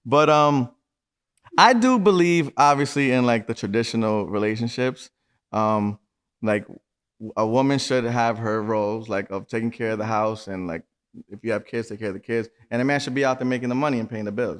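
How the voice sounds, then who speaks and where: A man's voice: medium pitch, fairly quick, clean tone. Casual man. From New York. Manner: loose, filler-heavy, hedging with "like". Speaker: podcast host. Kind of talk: casual chat.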